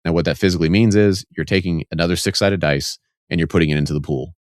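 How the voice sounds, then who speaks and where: A man's voice: low voice, steady tone, quick pace, no echo, studio quality. A man co-hosting a casual podcast, explaining game rules step by step with enthusiasm. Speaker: podcast co-host.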